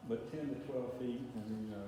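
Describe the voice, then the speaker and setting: A man's voice: mid-range voice, fairly even intonation, normal speed, mellow. A man giving a casual, rambling talk about plants to a small group, with lots of fillers. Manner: rambling, filler-heavy, folksy. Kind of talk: casual presentation to a local audience. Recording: echoey room, distant mic, faint hiss.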